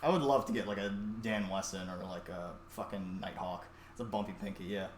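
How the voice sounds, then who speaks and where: A man's voice: low voice, a little fast. Rambling, profane young man off-mic. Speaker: streamer. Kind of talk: casual cooking stream chat. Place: home kitchen. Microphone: distant mic. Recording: echoey room, distant mic, faint noise.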